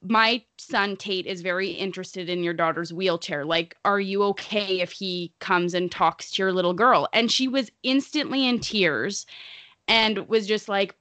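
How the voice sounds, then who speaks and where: A woman's voice: medium pitch, bright, forceful tone, dry recording. A woman hosting a casual podcast chat, talking in an earnest, rambling way with plenty of fillers. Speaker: podcast host.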